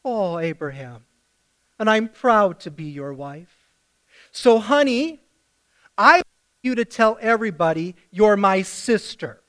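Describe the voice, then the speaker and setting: An adoring, trusting wife, put on by a preacher gushes with pride over her husband. The voice stays fairly high and the delivery is slow and fond. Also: animated, a bit bright, exaggerated voice. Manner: fond, gushing.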